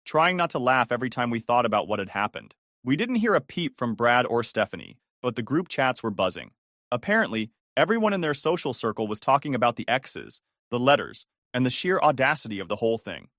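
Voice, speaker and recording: A man's voice: mid-range voice, a bit bright, no echo, clean studio sound. A man narrating a first-person revenge story in a dramatic, gossipy way.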